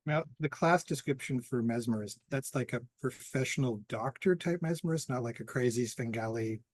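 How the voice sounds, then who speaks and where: A man chatting as a player at a tabletop game, playful and quick to laugh at his own jokes. His pitch is ordinary for a man. The recording is dry and close. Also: no room sound. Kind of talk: casual chat at a tabletop game.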